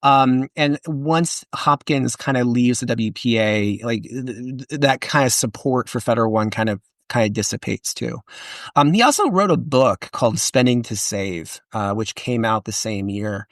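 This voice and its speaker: A medium-pitched man, an author and historian, talks at a moderate pace in a laid-back podcast interview. Chatty and animated, he restarts frequently and uses many fillers, recorded without room sound.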